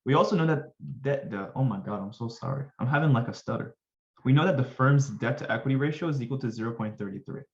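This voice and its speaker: A man's voice: mid-range voice, fast talker, roomy sound, muffled recording. A man tutoring finance in a casual, upbeat way, chatting to viewers with jokey asides. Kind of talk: casual screen-recorded lesson.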